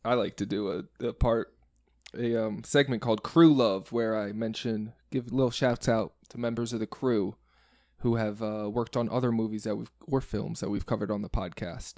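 A man's voice: fairly low pitch, fairly even intonation, moderate pace, darkish tone, no room sound, studio quality. Rambling man hosting a podcast. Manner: rambling, self-correcting, chuckling. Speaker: podcast host. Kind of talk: casual podcast chat about a film.

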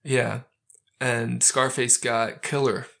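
A man with a mid-range voice lays out a film's story beat by beat in easy conversation. He chuckles now and then and keeps a steady, casual flow. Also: mid-range voice, slow, gravelly. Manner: narrates plot step by step, chuckling. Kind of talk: casual chat recapping a film.

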